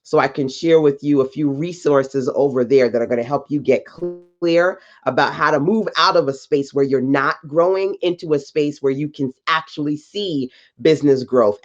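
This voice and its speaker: A woman business coach on a live stream, talking slowly and emphatically in a preachy motivational style with slang asides and greetings to viewers. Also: a bass voice, lo-fi sound. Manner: deliberately slow delivery.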